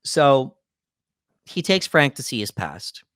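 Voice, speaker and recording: A man co-hosting a podcast, recapping a film in a relaxed, easygoing way. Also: mid-range voice, slow, no echo, studio quality. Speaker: podcast co-host. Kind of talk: casual movie breakdown chat.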